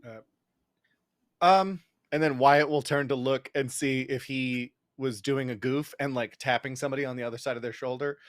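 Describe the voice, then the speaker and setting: A man playing a tabletop game, speaking casually with halting starts. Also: mid-range voice, steady tone, no room sound, studio quality. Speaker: player. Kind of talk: tabletop play.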